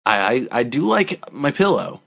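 A man tosses out wry, laid-back jokes on a comedy podcast. His voice is mid-pitched and moves around a lot. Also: very animated, normal speed, creaky, a bit bright, breathy edge. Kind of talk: casual comedic chat.

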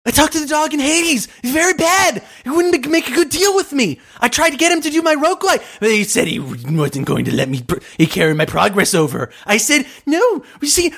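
A man's voice: extremely high pitch, a bit bright, voice pushed up, heavily acted. A man putting on an impression of a boastful, senile old male presidential candidate with a repetitive rally-speech cadence, as improvised comedy.

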